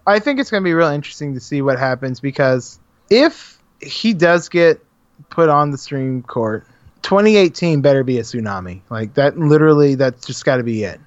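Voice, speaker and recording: A man's voice: a little high, expressive, normal speed, no echo, highs cut off. A man in casual political chat, heated and sarcastic, mocking people with quoted voices.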